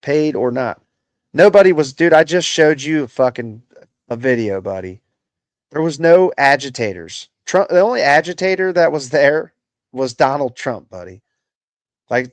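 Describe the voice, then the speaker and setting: A man's voice: medium pitch, expressive, moderate pace, no room sound. A man hosting a political livestream, ranting in casual, profane, exasperated commentary full of "bro" and "dude.".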